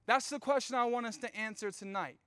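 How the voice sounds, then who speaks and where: A young man with a high, smooth voice tells a personal story as a sermon, chatty and animated, turning to the room now and then. The sound is close and dry. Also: a little fast, no room sound. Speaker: youth pastor.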